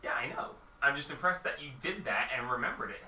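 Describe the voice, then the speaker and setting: A man running a tabletop game as game master, animated and often laughing as he narrates the monsters. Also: medium pitch, fairly quick, a little hiss or hum.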